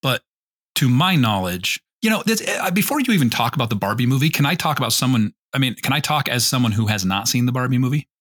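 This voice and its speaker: A man's voice: medium pitch, expressive, quick pace, a bit bright. Forties male co-host, casual chat that builds into sweary rants. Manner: heated ranting, swearing, mocking. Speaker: podcast co-host.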